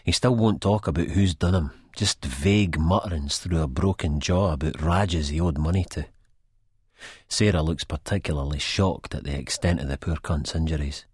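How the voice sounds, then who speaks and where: A man's voice: a bass voice, moderate pace, darkish tone, breathy edge, dry recording, clean studio sound. A man with a Scottish accent reading a first-person audiobook in a blunt, sweary, broad dialect. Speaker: audiobook narrator.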